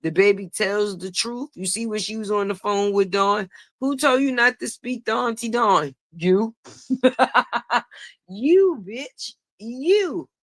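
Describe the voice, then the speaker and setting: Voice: medium pitch, lively intonation, slow pace, fairly bright tone, no echo, clean studio sound. A channel host giving a blunt, profane gossip commentary, repeating points for emphasis and laughing mockingly.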